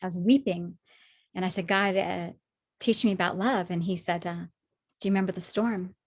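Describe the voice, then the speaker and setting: A woman sharing her personal faith testimony in conversation, animated when acting out past moments, soft and low when reflecting. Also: normal speed. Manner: animated storytelling, acts out her own past words.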